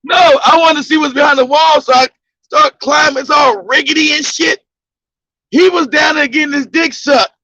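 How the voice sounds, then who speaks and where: A man telling a crude story in loud, casual, profane talk, laughing and breaking into shouts. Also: very high-pitched, moderate pace, dry recording. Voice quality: gravelly. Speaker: podcast host telling a story. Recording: dull lo-fi dry sound.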